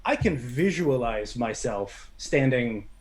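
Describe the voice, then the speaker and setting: A man's voice: medium pitch, animated, takes it slowly, low-quality recording. Man thinking aloud at a game table. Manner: thinks aloud, hesitant and questioning. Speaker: player.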